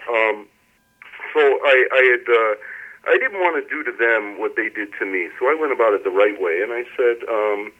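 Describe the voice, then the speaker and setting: Halting man on a phone line. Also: on the low side, animated. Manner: halting, many repeated words, emphatic. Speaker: interview guest, fired teacher. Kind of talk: telling his story in an interview.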